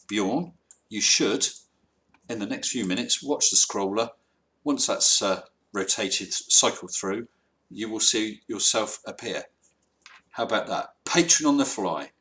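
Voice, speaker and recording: A man's voice: fairly low pitch, sharp tone. A man hosting a live stream, chatting casually and wryly reading out viewer comments. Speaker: livestream host.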